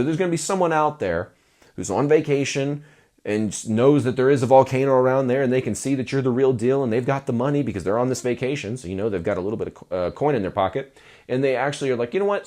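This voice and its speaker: A man coaching musicians in a casual talking-head video, his pitch swooping widely as he talks. He is playful and animated and acts out mock sales pitches in a put-on voice. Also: fast talker.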